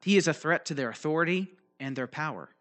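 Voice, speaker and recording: Here the preacher's voice sits a little high and is a bit bright, with lively intonation and a fast pace. He gives a teaching sermon, loosely unpacking a Bible passage while checking in with frequent "right?" and "okay?", his delivery loose and marked by fillers and restarts.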